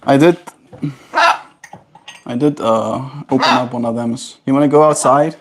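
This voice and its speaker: A man's voice: medium pitch, steady tone, moderate pace, noisy background. A man live-streaming in casual chat, cooing in a baby voice to his pet bird and answering viewer comments.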